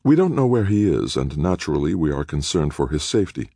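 A man's voice: a bass voice, sing-song, brisk, mellow, husky, no room sound, studio quality, exaggerated voice. A man voicing a powerful chairwoman who speaks almost pleasantly while making veiled threats. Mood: silky menace. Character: powerful woman chairwoman, silky and menacing.

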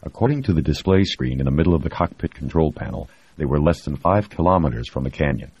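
Very deep, husky male narrator. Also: expressive, fast talker, dry recording. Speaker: audiobook narrator. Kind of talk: scripted narration. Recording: dry, dull lo-fi recording.

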